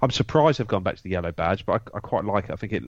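A man's voice: low-pitched, expressive, very fast, dry recording. A man giving his views on a football podcast, opinionated with stumbling restarts. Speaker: podcast co-host. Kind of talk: casual football podcast chat. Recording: dull, slightly lo-fi sound.

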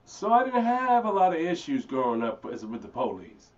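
A man's voice: fairly high pitch, moderate pace. Laid-back man from Philly, off-mic. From Philadelphia. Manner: storytelling, animated impressions. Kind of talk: casual chat. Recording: distant mic, dull lo-fi sound.

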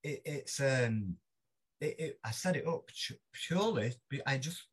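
A man's voice: mid-range voice, lively intonation, measured pace, husky. A man with a Mancunian accent, a podcast guest, telling stories in a rambling, self-deprecating way with many restarts. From Manchester, England. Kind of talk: casual interview chat.

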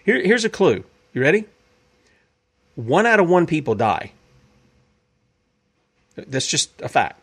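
An emphatic man hosts a podcast, delivering opinionated commentary and hammering home points by repeating them. His slightly high, a bit bright voice swings widely in pitch, and he talks slowly with frequent pauses.

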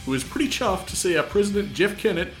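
A man's voice: high voice, expressive, quick pace, over music. An Australian man hosting a sports podcast, talking in a dry, sarcastic, teasing way. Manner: sardonic, teasing, drily sarcastic. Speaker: podcast host. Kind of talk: casual sports podcast chat.

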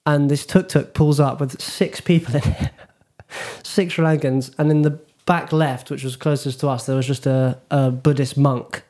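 A man's voice: medium pitch, steady tone, moderate pace, a little mellow. Young British man rambling through stories. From Britain. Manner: rambling storyteller with many fillers and restarts. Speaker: podcast host. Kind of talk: casual chat.

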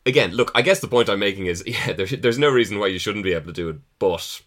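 Brief: low-voiced male co-host, measured, hedging, thinks out loud. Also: expressive. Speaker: podcast co-host. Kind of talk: casual chat about comedy.

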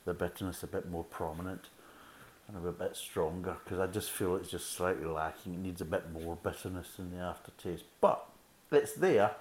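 Guy, middle aged, real low voice, wandering chatty beer tasting notes. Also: moderate pace. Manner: rambling, thoughtful, chatty with asides. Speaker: beer reviewer, podcast host. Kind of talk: casual tasting review and chat.

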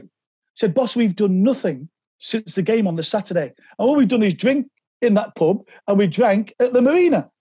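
A man, a podcast guest telling animated anecdotes and slipping into quoted voices. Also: sits high, moderate pace, slightly rough, no echo, dull audio. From England. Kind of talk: anecdotal interview storytelling.

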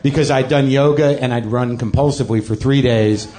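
A man's voice: mid-range voice, fairly even intonation, a little fast, warm tone. A middle-aged man hosting a live comedy show, rambling and self-deprecating with plenty of swearing. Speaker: comedian host. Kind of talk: live stand-up monologue. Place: comedy club stage.

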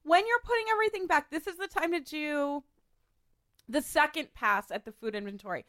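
A woman's voice: sits high, brisk, fairly bright tone, dry recording, clean studio sound. A woman hosting a casual podcast, giving practical cleaning tips in a chatty way with frequent laughs.

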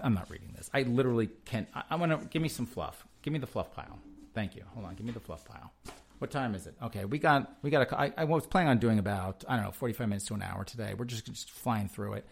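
A man's voice: mid-range voice, fast, creaky, slightly rough. A man hosting a talk show, giving sarcastic, rambling commentary as he reads news articles aloud. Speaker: show host. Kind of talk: casual commentary reading articles.

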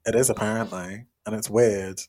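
A young man co-hosting a podcast in casual chat, teasing and exclaiming with sudden pitch jumps. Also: fairly even intonation, moderate pace, darkish tone. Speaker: podcast co-host.

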